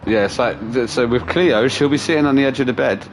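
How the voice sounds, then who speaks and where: A man hosting a stream, chatting casually and telling animated stories full of swearing and animal impressions. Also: medium pitch, brisk, slight background noise. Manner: animated storyteller, swears a lot, mimics animals. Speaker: streamer host. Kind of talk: casual chat.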